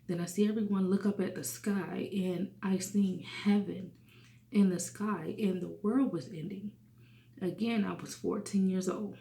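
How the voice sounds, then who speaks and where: A woman's voice: mid-range voice, steady tone, a little slow, vocal fry, reverberant, slight background noise. A woman in her thirties telling a personal testimony in an earnest way, sometimes dropping to a whisper. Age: 30s. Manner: earnest, hushes to a whisper at sad moments. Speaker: testimony speaker.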